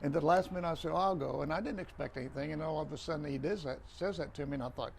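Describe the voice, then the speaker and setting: An older man, a retired referee, telling stories as a guest in a podcast interview, animated, repeating phrases and acting out dialogue. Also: on the high side, rapid-fire, vocal fry, hardly any pauses, a little hiss or hum.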